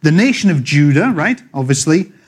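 A middle-aged man with a Scottish accent preaching a sermon, chatty and joking with the congregation, reading scripture slowly and loudly. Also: on the high side, lively intonation, husky. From Scotland. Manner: slows and swells when reading scripture. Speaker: pastor. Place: church.

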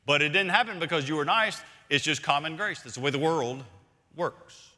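A man preaching a sermon as senior pastor, emphatic and repeating key phrases, swinging between loud points and hushed lines. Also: on the high side, moderate pace. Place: church sanctuary. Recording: long reverb of a large hall.

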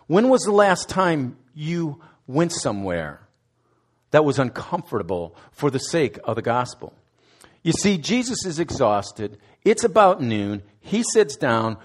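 A man giving a conversational sermon as a student ministries director, asking his listeners direct questions and now and then restarting words. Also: a little high. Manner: conversational preaching, asks the audience direct questions, some restarts.

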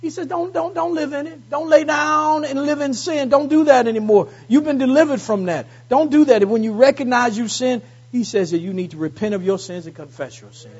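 At a church service, a man delivers a Sunday morning sermon in an extremely high, darkish voice, talking a little fast with hardly any pauses over dull audio. His call-and-response preaching repeats phrases for emphasis and rises to fervent peaks.

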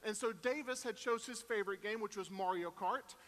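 A man's voice: sits high, brisk, fairly bright tone. A man in his thirties preaching in a large hall, telling folksy, self-deprecating family stories with many fillers. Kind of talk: storytelling sermon. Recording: echoey hall.

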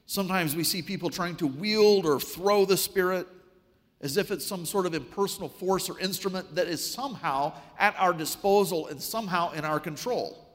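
A man preaching a sermon, telling a story with wry, animated delivery. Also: high-pitched, moderate pace, big-room sound.

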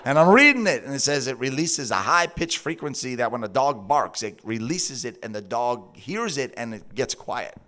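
A man preaching a sermon through a funny personal story, laughing often and acting out his own words in a high sing-song voice. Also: expressive, moderate pace, hardly any pauses, bright, forceful tone.

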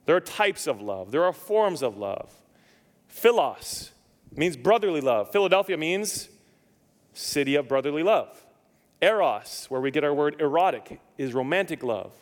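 A man's voice: a little high, big pitch swings, unhurried. A man preaching a sermon as pastor, telling stories with humor and acting out the dialogue for his congregation. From lived in Nevada, now Indiana. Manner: storytelling, acts out dialogue, jokes with congregation. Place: church. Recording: church sanctuary reverb.

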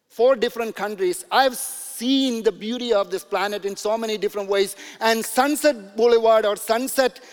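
A man's voice: high-pitched, in a large hall. A man preaching a sermon as pastor, in a loose, conversational storytelling manner with many fillers and asides.

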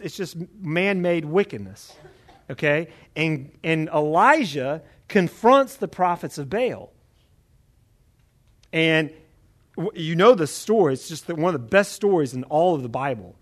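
Chatty preacher, slightly high voice. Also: male voice, measured pace. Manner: conversational, animated, checks in with "okay?". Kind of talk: Bible teaching sermon.

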